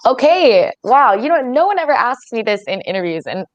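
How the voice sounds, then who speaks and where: A woman's voice: on the high side, sing-song, brisk, no echo, muffled recording. A young Canadian woman in her twenties, a wrestler chatting candidly in an interview and laughing often. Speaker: wrestler guest. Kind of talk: casual interview chat.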